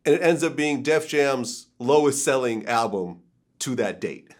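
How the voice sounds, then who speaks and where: A man's voice: medium pitch, expressive, measured pace. A man interviewing a guest, giving short prompts and recapping the story. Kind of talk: interview questions.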